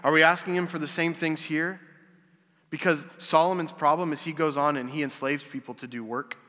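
A man's voice: on the high side, fairly even intonation, fairly quick, sharp tone. A man preaching a casual, conversational sermon, asking rhetorical questions and acting out quotes. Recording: long hall reverb.

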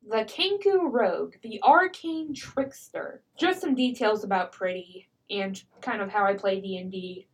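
A woman tells tabletop game stories in a casual podcast chat, animated and quick to laugh. Her voice sits a bit high, and she keeps slipping into character voices mid-story. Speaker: podcast guest.

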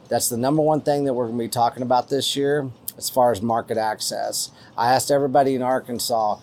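Brisk and steady with few pauses, this West Texas–accented man has a medium, slightly mellow voice. He hosts a casual podcast, rambling folksily with many fillers as he reads listener donations and thanks the givers.

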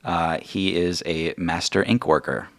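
A man's voice: deep voice, a little slow, dry recording. A man narrating as game master in a tabletop game, talking in a casual and rambling way with many fillers.

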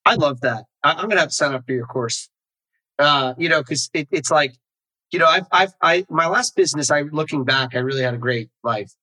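A man's voice: a little high, a little fast, sharp tone, low-quality recording. A man hosting a podcast interview, talking in a chatty way with many restarts. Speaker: podcast host.

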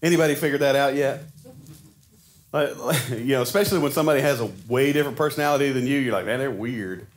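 A man in his forties preaching a sermon in a casual, animated storytelling way, acting out the quotes he tells. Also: mid-range voice, fast talker. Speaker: pastor.

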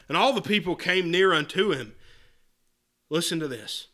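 A man's voice: high voice, brisk, pushed and bright. A man preaching an earnest sermon, reading scripture aloud and often restarting his words.

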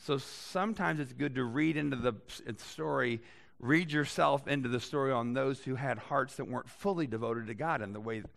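Gravelly-voiced man preaching a sermon. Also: medium pitch, moderate pace. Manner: conversational, animated Bible reading with voiced asides. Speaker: pastor.

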